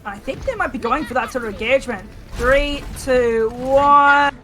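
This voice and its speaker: A woman's voice: high voice, normal speed, a bit bright. Analytical female esports analyst. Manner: analytical, thinking aloud with many restarts. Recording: faint game music behind.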